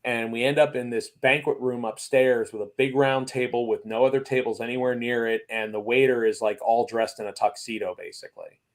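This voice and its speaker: Man, guest in a casual chat, animated storyteller who acts out quotes, middle pitch. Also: fairly quick, few pauses. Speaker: racing series guest.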